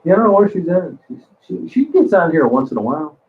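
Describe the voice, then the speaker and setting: A man's voice: a little high, big pitch swings, fast talker, creaky. Man, livestream host, blunt and crude, rambling; tinny phone-like audio. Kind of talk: casual live chat reading comments.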